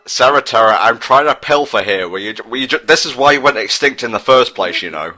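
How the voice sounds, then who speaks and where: A man's voice: mid-range voice, lively intonation, brisk, pushed and bright, rough recording. A man giving casual, sarcastic commentary over a video game playthrough. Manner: dry, sarcastic, jokey asides. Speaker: let's play co-commentator.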